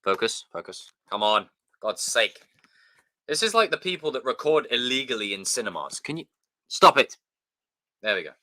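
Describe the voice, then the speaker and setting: A man talks live to his stream chat in a casual, excitable way, swearing as he goes. His voice is bright and forceful. It rises and falls a lot, so it never sounds flat. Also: mid-range voice, a little fast.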